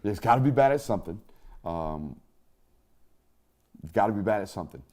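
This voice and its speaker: Low-voiced man hosting a sports chat. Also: lively intonation, normal speed, a little mellow. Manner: loose, chatty, with fillers and laughs. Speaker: podcast host. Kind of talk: casual sports talk.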